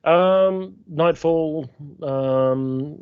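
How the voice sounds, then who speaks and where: A man's voice: on the high side, very slow, clean tone, dry recording, phone-quality sound. A man who is an author talking as a guest on a casual podcast, enthusiastic and with brief agreeing replies. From United Kingdom. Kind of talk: casual chat.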